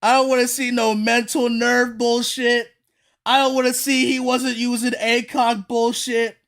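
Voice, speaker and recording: A woman with a high, bright-pitched voice hosts a livestream reaction to a manga chapter. She addresses her chat directly in an excitable, hyped-up manner that often tips into frantic shouting. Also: measured pace.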